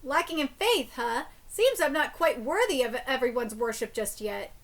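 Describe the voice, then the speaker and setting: A woman's voice: sits high, lively intonation, normal speed, a bit bright, voice pushed down. A woman reading an arrogant male god. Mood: haughty. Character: lordly self-styled male god, calm and arrogant.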